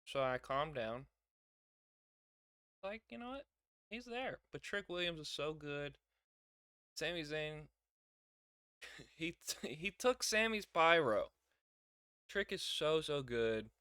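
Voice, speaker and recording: A young man talks through a show in a relaxed, chatty way, laughing often and acting out what people said. His voice is bright and crisp. The sound is dry and close. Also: on the high side, takes it slowly, long pauses, no echo. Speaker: wrestling reviewer. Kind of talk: casual show review.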